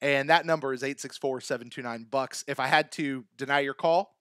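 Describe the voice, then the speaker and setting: A man's voice: mid-range voice, steady tone, a little fast, very noisy. A man hosting a live call-in fan podcast, talking casually with plenty of restarts and fillers. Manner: casual, chatty, hesitant restarts. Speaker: podcast host.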